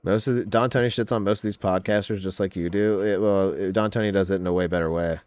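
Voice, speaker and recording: A man's voice: sits low, steady tone, fast talker, darkish tone, no echo. A man hosting a podcast in casual chat, mocking and profane as he trash-talks and reads out viewer comments. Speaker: podcast host.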